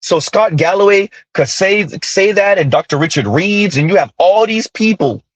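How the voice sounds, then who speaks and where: A millennial man with a high, light voice delivers a casual, ranting commentary full of sarcastic asides. He sounds close and dry, with no room around him. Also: lively intonation, moderate pace, no room sound. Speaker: commentary channel host.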